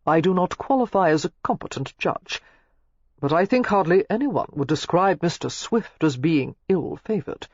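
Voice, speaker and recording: A reader voicing a calm nobleman husband who speaks evenly with dry amusement. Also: a little high, normal speed, no echo, highs cut off. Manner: even, dryly amused. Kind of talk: audiobook character voice.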